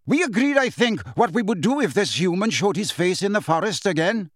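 A man's voice: high-pitched, lively intonation, moderate pace, no room sound, studio quality, pitched above the performer's own voice. A man voicing a hostile male centaur warrior who speaks with a nasty, contemptuous edge. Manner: sneering, contemptuous.

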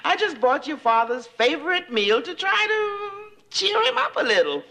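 A woman's voice: extremely high pitch, big pitch swings, moderate pace, pushed and bright, full character voice, low-quality recording. A middle-aged woman playing a firm, dryly teasing mother in a sitcom family. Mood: warm.

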